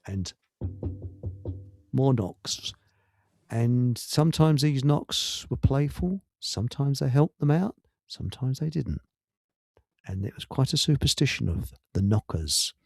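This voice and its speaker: A man's voice: mid-range voice, vocal fry, a little mellow, breathy edge, dry recording, clean studio sound. A man hosting a live radio chat with a Hertfordshire accent, joking and rambling with many fillers and restarts. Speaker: radio show host.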